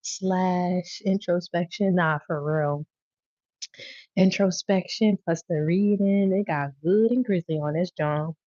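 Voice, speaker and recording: A woman's voice: on the low side, slow pace, warm tone, no echo, highs cut off. A woman giving a casual tarot reading, talking in a slangy, blunt and playful way. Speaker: tarot reader.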